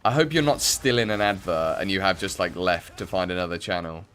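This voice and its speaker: Low-voiced English man, rambling stream chat. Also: brisk, a bit bright, slight background noise. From English Midlands. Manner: rambling, many fillers and restarts. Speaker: game streamer. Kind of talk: casual chat while playing.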